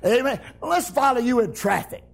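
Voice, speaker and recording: A man preaching a revival sermon, hollering amens and shouting with exuberant celebration. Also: extremely high pitch, lively intonation, normal speed, vocal fry.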